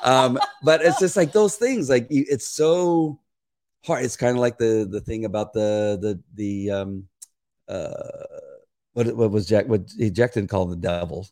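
A man's voice: on the low side, unhurried. An older man, a regular on a talk show, explaining scent detection in casual chat and acting out conversations. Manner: animated, acts out quoted exchanges in a raised voice.

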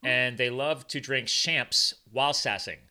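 A man hosting a casual podcast over a video call, animated and playful, leaping into high voices when he quotes people. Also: unhurried, clean tone. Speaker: podcast host.

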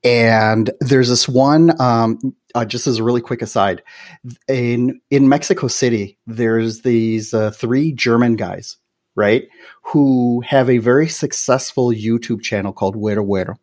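A man's voice: medium pitch, fairly even intonation, a little slow, a little mellow. Chatty Midwestern American man hosting. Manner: chatty, many fillers like "you know" and "right". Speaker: podcast host. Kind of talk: casual interview chat.

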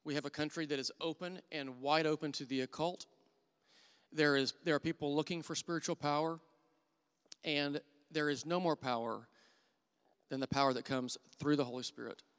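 A middle-aged man preaching a sermon, telling personal stories earnestly and dropping to a hushed voice when he quotes his own thoughts. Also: fairly high pitch, fairly even intonation, normal speed, smooth. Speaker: church elder preaching. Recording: long hall reverb.

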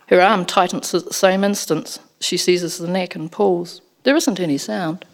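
A woman narrating a first-person story as an audiobook, in an expressive storytelling manner. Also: lowish voice, moderate pace.

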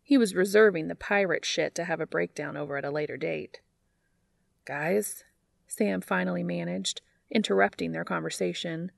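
A woman reads fan fiction aloud with wry, dry storytelling. Her voice is fairly low with a gravelly texture. The recording is close and dry, with no room sound. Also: no room sound.

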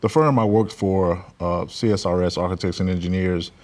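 Very deep-voiced man, halting answers. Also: fairly even intonation, darkish tone. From Louisiana, USA. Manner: halting, many filler pauses. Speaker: guest, construction business owner. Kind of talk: interview answers.

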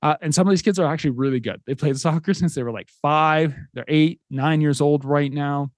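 Earnest dad telling a story, dry mic. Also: male voice, on the high side, fairly quick, no room sound. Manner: earnest, conversational, with fillers. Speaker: podcast host. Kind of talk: casual storytelling.

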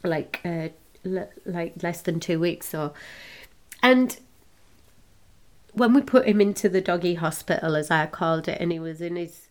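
A middle-aged woman hosting a podcast, telling a personal story emotionally, with halting restarts. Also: lowish voice, a little mellow. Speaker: podcast host.

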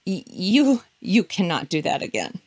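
A woman voicing a male art teacher, who speaks in a hesitant, measured way. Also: lowish voice, very animated, darkish tone, husky, full character voice. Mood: puzzled. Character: male art teacher, stern but amused.

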